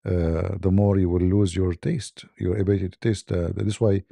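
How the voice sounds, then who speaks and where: Gravelly dark-voiced man chuckling through a story. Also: low voice, fairly even intonation, moderate pace, no room sound, clean studio sound. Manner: chuckling, broken English, many restarts. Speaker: host. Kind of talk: casual storytelling on a live stream.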